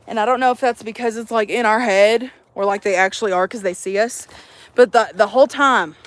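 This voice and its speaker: Animated, high-voiced young woman vlogging outdoors. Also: fairly quick. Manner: animated, profane, jokey. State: out of breath. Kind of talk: casual chat to camera. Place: outdoors at a campsite.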